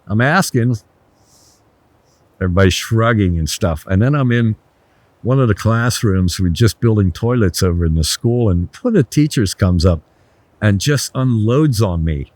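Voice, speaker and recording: A man's voice: lowish voice, normal speed, no room sound. Blunt older man telling stories. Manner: blunt, swears, animated anecdotes. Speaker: guest, resort founder. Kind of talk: casual storytelling interview.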